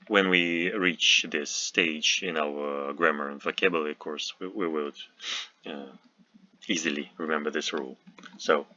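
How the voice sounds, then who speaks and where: A man teaching a recorded language lesson, speaking carefully with frequent pauses, fillers and restarts. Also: low voice, steady tone, bright, forceful tone, dry recording, highs cut off.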